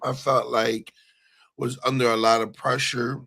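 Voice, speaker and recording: Podcast cohost guy, regular mid voice, kinda halting, says like a lot. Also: medium pitch, little pitch movement, vocal fry, bright, forceful tone. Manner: halting, fills with "like". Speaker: podcast co-host. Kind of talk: casual podcast chat.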